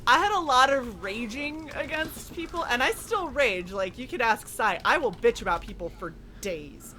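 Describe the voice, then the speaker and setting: A woman from the western United States, chatting on a panel, telling animated stories and swearing freely. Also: a little high, normal speed, slight background noise. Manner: animated storyteller, quotes people in acted voices, swears freely. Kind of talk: casual chat.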